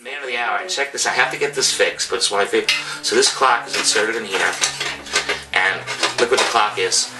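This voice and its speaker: A man's voice: lowish voice, fairly quick. A man from New York's Hudson Valley, a bartender and collector, telling stories in a rambling, enthusiastic way with many restarts. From Hudson Valley, New York. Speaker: bartender and bar memorabilia collector. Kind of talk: casual storytelling chat. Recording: distant mic with music behind.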